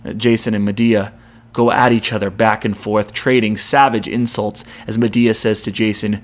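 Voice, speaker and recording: A podcast host with a lowish, fairly flat voice retells a Greek tragedy at a moderate pace. He tells it dramatically, quoting lines as he goes.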